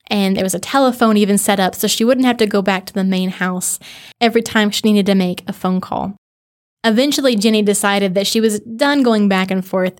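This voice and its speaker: A woman tells a true story as a podcast host, sounding earnest and conversational. Her voice sits at an ordinary middle pitch for a woman. Now and then she stumbles briefly and restarts, and she adds casual asides to the listener. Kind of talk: storytelling narration of a true history.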